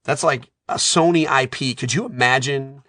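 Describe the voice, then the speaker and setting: Man, 30s, animated casual storyteller; bright tone. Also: mid-range voice, moderate pace, no room sound. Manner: animated storyteller, self-described nerd. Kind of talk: casual chat.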